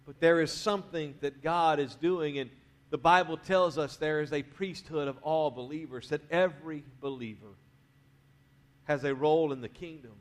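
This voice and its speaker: A pastor with a drawl preaches from the pulpit in an easygoing, conversational way. His voice sits a little high for a man. He lets phrases trail off softly, then lifts to push the room into responding. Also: normal speed. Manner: conversational preaching, drops to quiet endings, rises to urge the crowd. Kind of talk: sermon. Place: church sanctuary.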